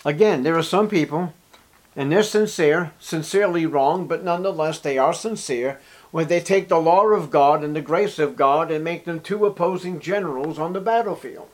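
Emphatic male preacher, fairly high voice. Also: normal speed. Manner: emphatic preaching that swings between loud and hushed; reads scripture aloud. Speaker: pastor. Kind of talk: sermon.

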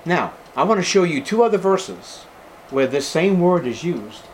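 Preaching before his congregation, the pastor drives his points home by repeating key words and calling listeners beloved. He speaks at a moderate pace in a fairly high voice with big pitch swings, and there's slight background noise.

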